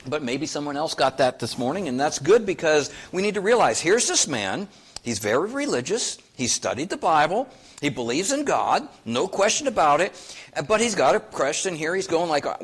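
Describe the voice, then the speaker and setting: Folksy pastor guy preaching, kinda high voice that swings up and down a lot, chatty and asks the crowd stuff. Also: very animated, moderate pace, slightly rough. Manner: folksy, conversational preaching with rhetorical questions. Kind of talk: sermon.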